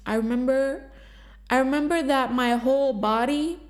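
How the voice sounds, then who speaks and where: A woman with a high-pitched voice speaks in a raw, unscripted confessional monologue. She talks emotionally, swearing freely and circling back with fillers and restarts as she goes. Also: moderate pace. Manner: rambling, filler-heavy with frequent restarts. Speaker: vlogger sharing a personal story.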